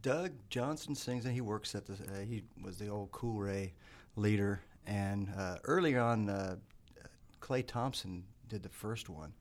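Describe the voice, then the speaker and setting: A man answering as a podcast guest in relaxed, hesitant casual chat. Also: on the low side, a little slow.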